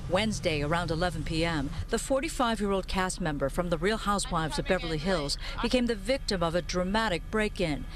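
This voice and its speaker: A woman's voice: on the low side, fairly quick, hardly any pauses. Woman reporting the news, faint noise behind.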